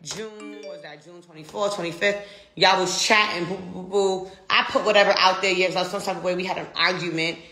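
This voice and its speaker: A woman's voice: fairly low pitch, fairly even intonation, fast, sharp tone, echoey room, faint music behind. Brash, profane American woman ranting. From United States. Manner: brash, profane, defiant, repetitive. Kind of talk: casual rant.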